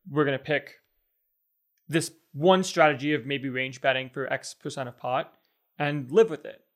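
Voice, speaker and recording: A man's voice: mid-range voice, moderate pace. A man co-hosting a casual talk show, rambling and thinking aloud with many fillers. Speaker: podcast co-host. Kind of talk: casual chat.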